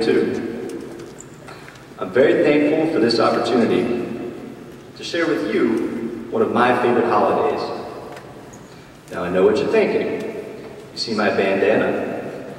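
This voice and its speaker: A man delivers a playful comic speech, his pitch bouncing up and down as he tells his tale. He is picked up from a distance in a large hall with a long, ringing reverb. A faint background hum sits under his voice. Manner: animated, playful storytelling. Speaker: speaker at a job club.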